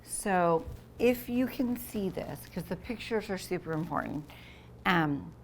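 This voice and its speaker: Reading a picture book to young kids, a teacher with a voice on the low side stops to explain words and brings the sound effects to life expressively. A slight hiss or hum can be heard.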